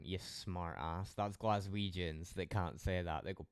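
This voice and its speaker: A Scottish man on a live stream, talking loosely and swearing constantly. His voice sits very low and sounds smooth and resonant. The recording is close and dry, with no room sound. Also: a little slow, few pauses, dry recording. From Scotland. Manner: rambling, heavily profane banter. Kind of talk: casual live-stream chat.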